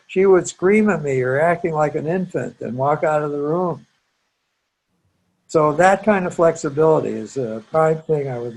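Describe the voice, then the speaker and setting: Older man with a gravelly, husky voice. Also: fairly high pitch, darkish tone, rough recording. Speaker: psychologist. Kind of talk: reflective lecture-style storytelling.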